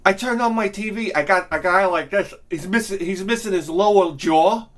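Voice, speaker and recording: A man hosting his own video, telling a profane, comedic ranting story that swings from low mutters to shouting. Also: normal speed. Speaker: video host.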